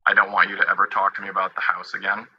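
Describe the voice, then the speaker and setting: A low-voiced man with a husky, strained edge, telling his side of a dispute. He halts and restarts, quoting past exchanges. The sound is dull and lo-fi. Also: monotone. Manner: halting, quoting past talks. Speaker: party in a dispute. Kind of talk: personal account.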